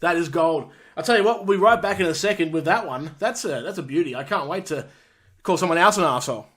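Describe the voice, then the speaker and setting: A man's voice: a little high, expressive, fast talker, a bit bright. A man co-hosting a casual chat podcast, reacting in an upbeat way. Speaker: podcast co-host.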